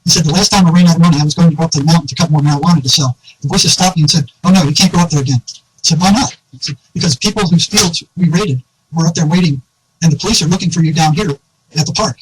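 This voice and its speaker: A quick-talking man recounting an anecdote in a relaxed online conversation. His voice sits a little higher than most men's, and the words come fast. Faint background noise runs under the recording. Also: poor audio. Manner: animated anecdote teller, quotes others, laughs often. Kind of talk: casual storytelling conversation.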